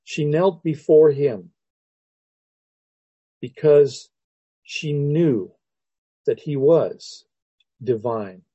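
A male pastor preaching slowly, taking his time over each verse. His voice is very dark and mellow with a husky edge. The recording sounds dull and lo-fi. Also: a little high, dry recording. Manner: unhurried and reflective, with frequent restarts and soft laughs. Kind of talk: sermon, teaching verse by verse.

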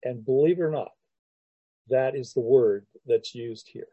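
A man preaching a sermon as a pastor, teaching verse by verse in an unhurried, reflective way with restarts and soft laughs. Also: medium pitch, husky, no room sound, phone-quality sound.

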